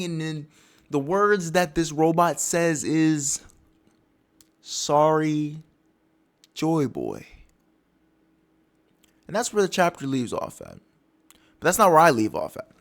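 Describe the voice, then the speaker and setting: A man casually breaking down a comic chapter for his channel in a rambling, storytelling way. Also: a little high. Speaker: manga recap YouTuber.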